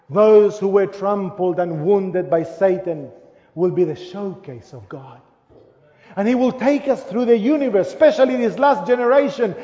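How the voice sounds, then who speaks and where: A high-pitched man preaches a sermon in a big church hall, his voice trailing a long echo. He swings between loud, emphatic declarations and soft, intimate asides, and the sound is a little dull. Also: lively intonation, moderate pace. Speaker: pastor. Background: long reverb of the hall.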